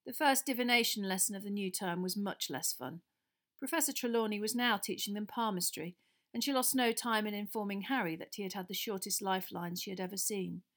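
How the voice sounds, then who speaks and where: A woman narrating a storybook aloud in a steady, even reading voice. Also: medium pitch, fairly quick. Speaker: audiobook reader.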